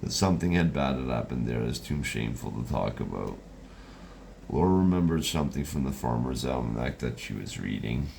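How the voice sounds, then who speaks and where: A man's voice: very deep voice, lively intonation, fairly quick, vocal fry, a little mellow, a little hiss or hum. A man narrating a storybook reading in a loose, rambling way with restarts.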